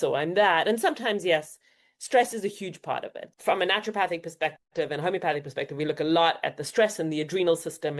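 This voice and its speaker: A woman guest practitioner explaining clinical experience in a relaxed interview, often acting out patients' words. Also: low voice. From South Africa. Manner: conversational, explanatory, uses quoted asides. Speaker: guest, homeopath and naturopathic doctor. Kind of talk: casual podcast interview.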